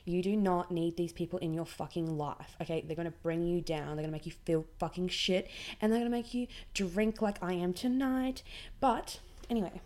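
Young Australian woman, low and mellow, blunt sweary podcast rant. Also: moderate pace. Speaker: podcast host. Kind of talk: casual ranting monologue.

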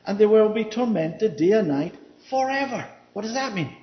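A man's voice: sits high, animated, moderate pace. A man teaching the Bible in a conversational way, reading verses aloud and often checking in with a questioning "yeah?". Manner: reads scripture aloud, then explains it. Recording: roomy, dull lo-fi recording.

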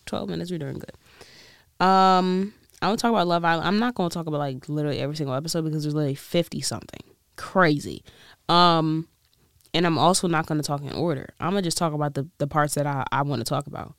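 A woman's voice: deep voice, quick pace, gravelly, no room sound. Chatty woman rambling, dry recording. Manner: chatty, rambling, laughs often; tries a weak British accent. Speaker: vlogger. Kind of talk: casual chat.

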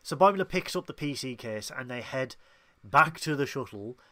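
A man co-hosting a casual review podcast, chatting and acting out characters' lines in quick asides. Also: mid-range voice, expressive, a bit bright, no room sound. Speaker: podcast co-host.

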